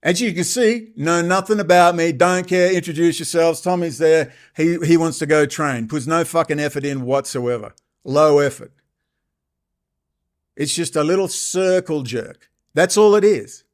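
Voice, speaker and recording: Speaking at a normal pace in a slightly high voice, the Australian host of his own channel rants furiously and swears through a monologue. Along the way he ridicules people with sarcastic impressions.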